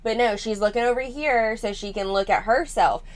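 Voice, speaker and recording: A woman's voice: on the high side, normal speed. A woman hosting a commentary channel, reacting to a family vlog in a frank, unpolished way with lots of fillers.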